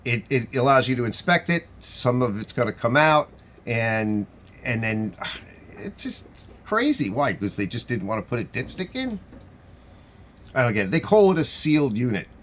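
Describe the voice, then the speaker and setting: A man's voice: medium pitch, expressive, normal speed, fairly bright tone. A middle-aged man with a New York accent hosts a live stream, chatting casually and answering viewer comments in a rambling, conversational way. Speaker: host of a garage channel live stream.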